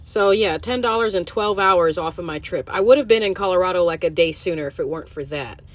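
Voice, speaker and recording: Rambling, profane woman podcaster, lowish voice. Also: fairly quick. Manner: rambling and profane, full of fillers. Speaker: podcast host. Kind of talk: casual solo monologue.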